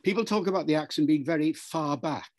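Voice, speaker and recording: An older man answering an interviewer's questions in a measured, lecturing way, spelling out words and demonstrating pronunciations. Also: a little high. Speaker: linguist being interviewed.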